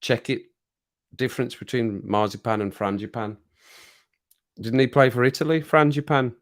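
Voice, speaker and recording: A man's voice: mid-range voice, fairly even intonation, normal speed. Chatty man rambling to viewers. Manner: chatty, rambling storyteller who laughs often. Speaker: livestream host. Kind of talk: casual chat with viewers over a drink.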